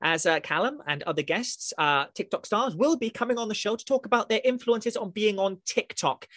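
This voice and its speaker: A man's voice: high voice, moderate pace, fairly bright tone. A man from England hosting a casual podcast, chatty and jokey, poking fun at himself. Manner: chatty, jokey, self-deprecating. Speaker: podcast host.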